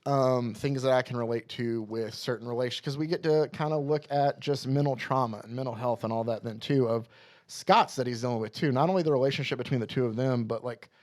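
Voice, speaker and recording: A man's voice: mid-range voice, fairly quick. Young man, podcast co-host, casual chat, earnest, quotes characters as he retells the story. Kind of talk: casual chat recapping a comic.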